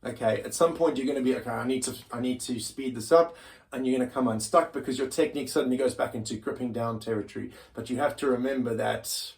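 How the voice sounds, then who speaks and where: A man's voice: medium pitch, quick pace. A man teaching a casual drum lesson, loose and self-deprecating, often restarting his sentences. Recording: loud drums and music behind the voice. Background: drum kit being played.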